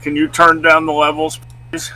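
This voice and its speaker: A man co-hosting a live stream, chatting casually and reading out news stories in a loud, booming voice. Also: monotone, normal speed, poor audio. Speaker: co-host.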